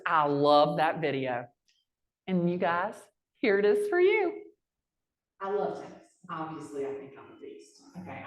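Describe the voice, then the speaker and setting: A woman, a real estate agent giving a chatty, animated storytelling talk to a live audience. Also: lowish voice. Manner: chatty, animated storyteller with lively quoted voices.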